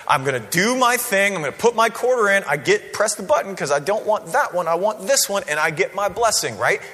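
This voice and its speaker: A man preaching a sermon in a church, conversational and animated, often checking in with "right?". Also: high-pitched. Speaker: pastor. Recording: long hall reverb.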